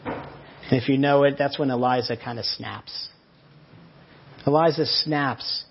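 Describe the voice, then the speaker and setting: A man's voice: mid-range voice, steady tone, takes it slowly, vocal fry, husky, muffled recording. A man preaching a sermon, earnestly explaining and retelling a story. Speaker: pastor.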